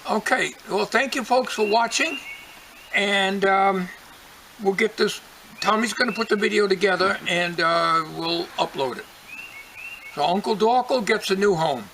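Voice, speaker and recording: Older male host, folksy and rambling, high bright voice. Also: a little slow, a little hiss or hum, rough recording. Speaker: channel host. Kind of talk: casual chat to viewers.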